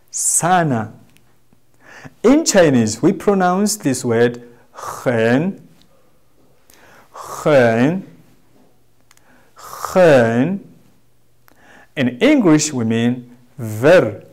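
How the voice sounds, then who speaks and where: A man with a Tanzanian accent teaching a language lesson, slowly repeating words for the class to echo. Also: a little high, darkish tone.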